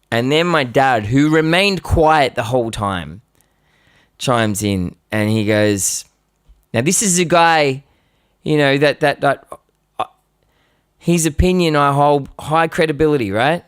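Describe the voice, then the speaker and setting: A man's voice: medium pitch, animated, unhurried, pauses often, clean tone, no echo. A man live-streaming from his studio, telling a story casually and animatedly, with many restarts and the odd swear. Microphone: live-stream microphone.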